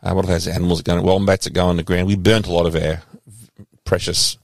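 Australian male co-host, lowish voice, easygoing and chatty, dry studio sound. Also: level tone, a little fast, creaky, no room sound. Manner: chatty, laughs easily, takes ribbing. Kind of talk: casual chat.

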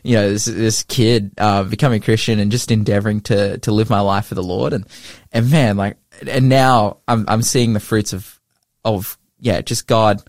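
A man's voice: lowish voice, steady tone, moderate pace, a little mellow, no echo, clean studio sound. A young man, a pastor, telling a heartfelt personal testimony in casual chat, speaking earnestly and emotionally with many restarts and fillers.

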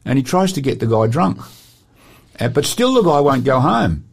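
A man, presenting a talk show and telling Bible stories with lively quoted voices. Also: medium pitch, normal speed, vocal fry. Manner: animated storyteller acting out quotes.

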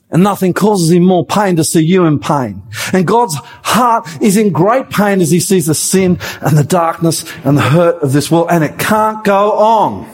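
High-voiced impassioned male preacher. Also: lively intonation, moderate pace. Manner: impassioned and pleading, with emphatic repetition. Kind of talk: evangelistic sermon.

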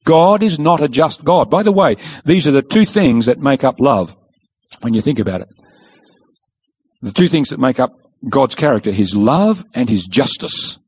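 A man's voice: mid-range voice, animated, moderate pace, darkish tone, slightly rough. A man preaching a sermon, telling the story with emphasis and rhetorical questions.

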